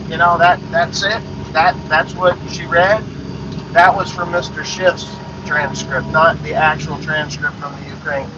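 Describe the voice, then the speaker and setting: A man's voice: on the high side, steady tone, measured pace. A man ranting bluntly in a monologue, swearing and repeating himself. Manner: blunt, profane, repetitive. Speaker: podcast host. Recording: dull lo-fi sound with noise.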